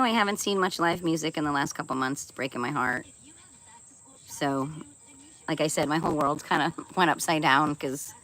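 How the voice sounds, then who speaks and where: A woman's voice: lowish voice, pushed and bright, rough recording. A woman chatting casually on her live stream, playful and laughing often as she reads and answers viewer comments, swearing now and then.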